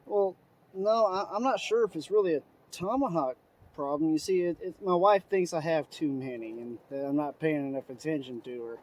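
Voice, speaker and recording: A man's voice: fairly high pitch, moderate pace, darkish tone, slight background noise. A man hosting a comedy skit, talking in a hesitant, stammering and subdued way. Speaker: host. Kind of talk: comedy skit, phone call.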